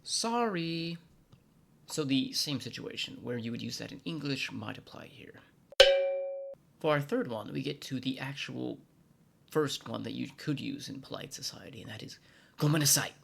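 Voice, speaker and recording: An American man hosts a vlog teaching Japanese, delivering scripted educational narration in a mid-range, gravelly, slightly rough voice at normal speed. He's playful, slipping into hushed asides and mock-formal speech.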